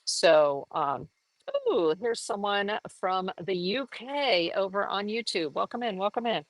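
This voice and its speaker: A woman giving a casual live painting lesson, chatty and upbeat, laughing often and jumping into high exclamations. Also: lively intonation, unhurried, no echo, poor audio. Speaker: art teacher.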